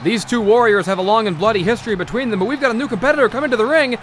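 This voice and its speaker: A man's voice: high-pitched, racing, few pauses, a bit bright, faint music behind. A man doing over-the-top mock wrestling commentary with melodramatic outraged rants. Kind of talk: comedic play-by-play commentary.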